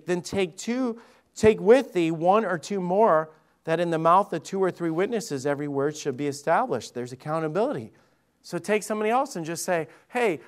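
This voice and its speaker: A male pastor preaching to his congregation in a church, talking conversationally, repeating himself and putting questions to the listeners. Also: high voice. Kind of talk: sermon. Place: church sanctuary.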